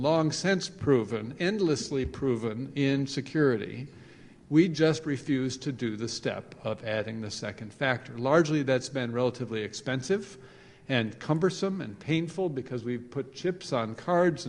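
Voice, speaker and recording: Guy giving a conference talk, lively with little jokes, hall echo ringing behind him. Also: medium pitch, creaky. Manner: animated, joking asides, repeats phrases for emphasis. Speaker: conference speaker. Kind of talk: conference presentation. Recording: long reverb of a large hall.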